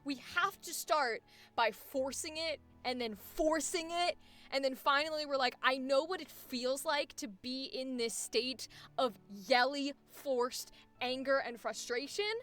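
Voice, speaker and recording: Bright-voiced young woman voice coach. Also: sits high, unhurried. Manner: animated, explanatory, quotes examples. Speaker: voice acting coach. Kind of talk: coaching session.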